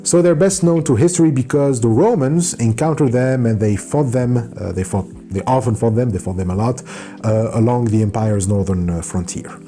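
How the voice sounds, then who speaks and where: A man talks through a book in an unscripted explanation, stopping often for fillers and correcting himself as he goes. His voice is mellow and dark, at an ordinary pitch. Faint music plays behind him. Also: moderate pace. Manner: hesitant, many fillers, self-correcting. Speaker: book reviewer.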